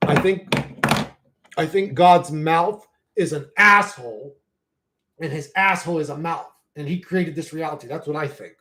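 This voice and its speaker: A young man ranting profanely on a live stream, reading chat aloud and swinging between loud outbursts and low mutters. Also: moderate pace. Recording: echoey room.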